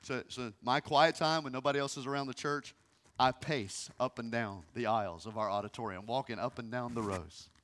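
A man in his thirties, a pastor preaching a sermon, moving from quiet, hushed passages to loud, pleading ones. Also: medium pitch, fairly quick. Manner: emotional, swings from hushed to loud.

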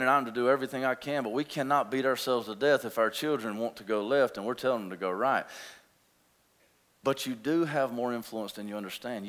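A man in his thirties preaching a sermon as pastor, with emphatic repetition, swinging between forceful declarations and hushed, intense asides. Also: mid-range voice, big-room sound.

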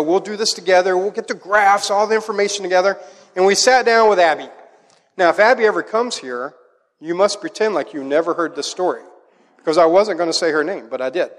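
A middle-aged man with a high, bright speaking voice preaches to a congregation, weaving personal stories into his sermon. He tells them with lively energy, and his words ring out with a long hall echo. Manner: animated storytelling, acts out a child's voice in quotes. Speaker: pastor.

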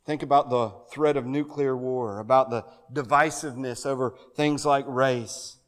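A male pastor preaching a sermon, moving between soft pleading and loud, fervent calls to come forward. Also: mid-range voice, steady tone, normal speed, few pauses, long reverb tail. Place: church sanctuary.

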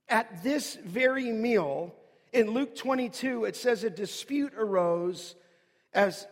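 A man pastor preaching a sermon, dramatic, dropping to hushed asides and rising to loud emphatic lines. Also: sits high, breathy edge. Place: large church sanctuary. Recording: long hall reverb.

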